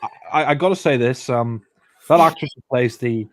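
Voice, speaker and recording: A man's voice: mid-range voice, normal speed. A man doing casual film commentary, blunt and offhand, often restarting sentences.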